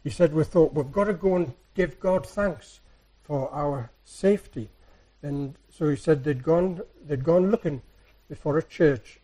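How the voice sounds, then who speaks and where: Soft-spoken man telling church stories. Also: on the high side, a little slow, hardly any pauses, low-quality recording. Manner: soft-spoken, rambling storyteller. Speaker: church speaker. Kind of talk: anecdotal sermon.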